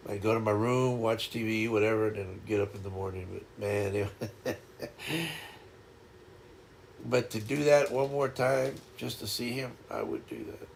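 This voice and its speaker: An older man hosting a casual livestream chat, talking in a reflective, halting way and often repeating words as he starts over. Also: on the low side, animated, creaky, slight background noise. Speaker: livestream host.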